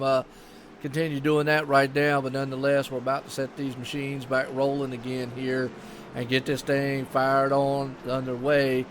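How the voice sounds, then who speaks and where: A man's voice: medium pitch, slight background noise. A man with a Southern US accent giving casual, rambling live commentary on a sim race and chatting with viewers.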